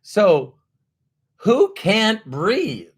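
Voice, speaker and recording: A man giving a motivational talk to an audience, acting out everyday inner voices in an animated way. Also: sits high, drawn-out words, slightly rough. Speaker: motivational speaker.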